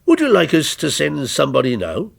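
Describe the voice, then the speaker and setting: A man playing a brisk official ringing up, breezy and apologetic in a businesslike way, his voice lively in pitch and a touch husky. Part of a short story read aloud. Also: exaggerated voice. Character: brisk male official calling on the phone.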